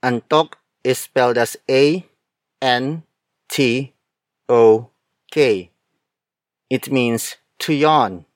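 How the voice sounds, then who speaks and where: A man narrating a scripted language lesson, speaking slowly and carefully, repeating words and spelling them out letter by letter. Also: mid-range voice, dry recording, studio quality. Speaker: language teacher.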